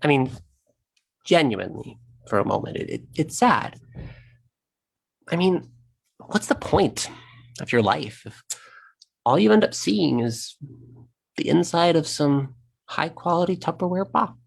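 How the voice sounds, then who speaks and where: A man's voice: fairly high pitch, sing-song, unhurried, vocal fry, pauses often, full character voice. A man in a one-man stage monologue streamed online, playing a sassy, vain, profane trapped insect who talks straight to the audience. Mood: wistful. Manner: sassy, brash, addresses the audience directly.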